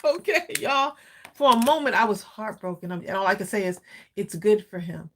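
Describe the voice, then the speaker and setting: A chatty, upbeat middle-aged woman talks through a craft project on a live stream. She laughs easily and keeps a loose, friendly flow as she works. Her voice sits at an ordinary pitch for a woman. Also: expressive, moderate pace, a bit bright. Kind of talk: casual live-stream chat while demonstrating a craft.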